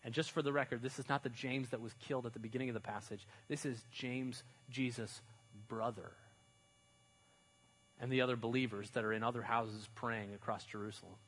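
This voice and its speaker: A man's voice: medium pitch, steady tone, brisk, fairly bright tone, husky, low-quality recording. A man preaching in a casual, conversational way, with slang and loose fillers, while retelling a Bible story. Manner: chatty, uses slang and fillers, dramatizes stories. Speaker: pastor.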